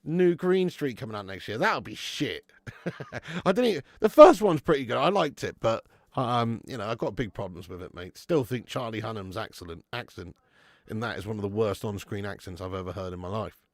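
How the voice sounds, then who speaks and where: Gravelly bloke chatting with viewers. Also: male voice, fairly low pitch, lively intonation, moderate pace, dry recording. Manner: swears freely, laughs often, calls viewers mate. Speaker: watch-along host reading live chat. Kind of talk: casual live-stream chat.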